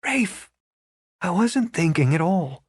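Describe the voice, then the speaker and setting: A man's voice: sing-song, slow, slightly rough, no echo, clean studio sound, exaggerated voice. A man voicing a tense proper young woman. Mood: pleading. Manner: indignant, clipped, rising to a high pitch. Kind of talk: audiobook character voice.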